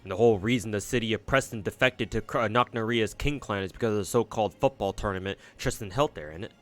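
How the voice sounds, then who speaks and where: A man's voice: on the low side, fast, natural voice. A man voicing a smug male fairy knight who mocks and gossips, reading aloud from a game. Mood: sneering.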